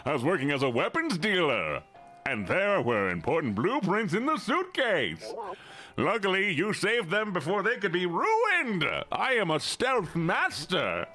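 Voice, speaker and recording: A man voicing a goofy male game character, a former weapons dealer, reading his lines slowly and drawn-out. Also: sits high, wildly swooping pitch, bright, forceful tone, pitched above the performer's own voice, exaggerated voice. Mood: theatrical.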